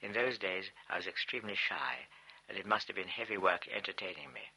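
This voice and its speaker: Low, husky man reading a memoir. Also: expressive, brisk, pushed and bright, poor audio. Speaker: audiobook narrator. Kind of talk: first-person memoir narration.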